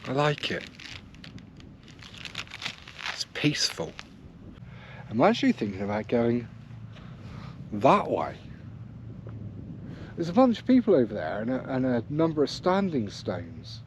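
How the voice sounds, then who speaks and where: A man's voice: mid-range voice, huge pitch swings, moderate pace, pauses often. Bloke rambling on to his camera out on the moor, laid-back chatty vlog, bit of faint outdoor hiss behind. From South West England. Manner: chatty, rambling, easygoing, talks to camera while hiking. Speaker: wild camping vlogger. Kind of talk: casual walking vlog commentary. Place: outdoors on open moorland. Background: faint outdoor ambience.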